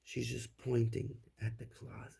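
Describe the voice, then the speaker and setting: A man telling a child a scary bedtime story, hushed and dropping to whispers for suspense. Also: mid-range voice, little pitch movement, unhurried, gravelly, slightly rough.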